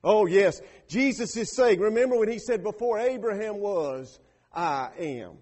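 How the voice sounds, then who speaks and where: A pastor delivering a sermon with emphatic, rising bursts of preaching. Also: male voice, sits high, expressive, a little slow, a little mellow.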